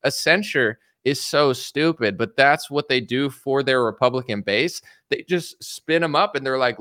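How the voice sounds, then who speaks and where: A man with a bright, forceful voice talks politics in a casual, sarcastic way. He slips into mocking impressions now and then. The sound is close and dry. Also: medium pitch, moderate pace, hardly any pauses, dry recording. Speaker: podcast host.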